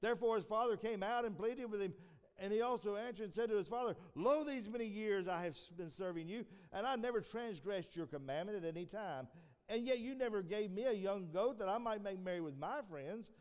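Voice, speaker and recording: A man preaching a sermon who repeats and restarts his phrases, rises to emphatic peaks, then trails off low. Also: a little fast, darkish tone, smooth. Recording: long hall reverb.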